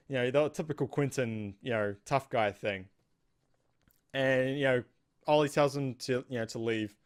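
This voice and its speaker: A man's voice: medium pitch, moderate pace, long pauses. A man with a New Zealand accent casually recapping a TV episode, rambling and acting out the characters' lines. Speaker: host.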